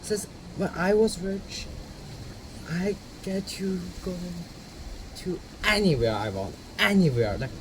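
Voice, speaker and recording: Animated man answering interview questions. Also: high-pitched, slow pace. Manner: animated, emphatic, laughs between points. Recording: steady background noise.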